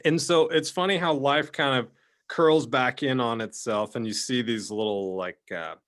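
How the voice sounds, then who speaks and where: A man's voice: medium pitch, normal speed, a bit bright. Man, talkative co-host, rambling casual chat, mid-range voice. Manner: rambling, talkative, self-described blabbermouth. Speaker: podcast co-host.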